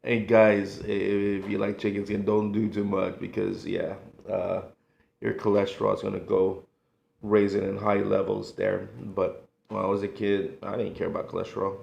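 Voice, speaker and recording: A middle-aged man from the United States, a food vlogger reminiscing in a halting, emotional way, sighing between thoughts. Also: fairly low pitch, little pitch movement, gravelly, a little mellow, slight background noise. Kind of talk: casual reminiscing monologue. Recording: echoey room.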